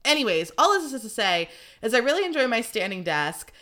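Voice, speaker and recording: Young woman rambling on her podcast, bright voice, super casual, cusses. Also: fairly high pitch, big pitch swings, fairly quick. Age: young adult. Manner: chatty, rambling, swears freely. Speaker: podcast host. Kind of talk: casual solo chat.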